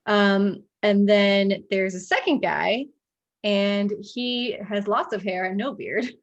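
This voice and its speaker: A woman narrating a tabletop game as game master, relaxed and chatty, with frequent ums. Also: medium pitch, takes it slowly, muffled recording.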